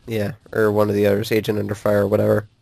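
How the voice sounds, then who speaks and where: A man ranting about games in casual chat with a friend, animated and quick to curse and laugh. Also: lowish voice, vocal fry, no room sound. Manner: animated, swears freely, laughs often. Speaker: co-host of a gaming channel.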